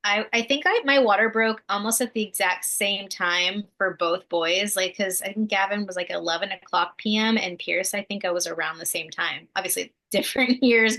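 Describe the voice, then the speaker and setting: A young woman co-hosting a podcast, chatting in a relaxed way with lots of fillers and some laughs. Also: mid-range voice. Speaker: podcast co-host, mother of two. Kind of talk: casual chat.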